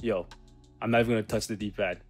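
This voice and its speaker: A young man giving casual, slangy commentary over his own gameplay, joking and breaking into loud laughs. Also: on the low side, steady tone, quick pace, faint music behind. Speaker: gaming channel host.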